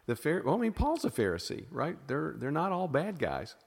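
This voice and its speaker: A man's voice: a little high, huge pitch swings, normal speed, vocal fry, breathy edge, in a large hall. A man with a Southern US accent, a podcast guest explaining ideas in a thoughtful way, often restarting his sentences. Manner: thoughtful, self-interrupting explainer with frequent restarts. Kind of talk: casual teaching conversation.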